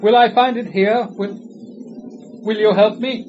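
A man's voice: high voice, steady tone, measured pace, noisy background. A man playing a nervous, curious visitor in a radio drama who stammers and keeps asking questions. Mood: uneasy. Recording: muffled lo-fi recording.

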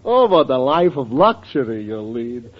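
An actor playing an excitable, effusive older male professor in a 1940s radio comedy, theatrical and swooping in delivery. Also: medium pitch, measured pace. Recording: lo-fi old radio recording.

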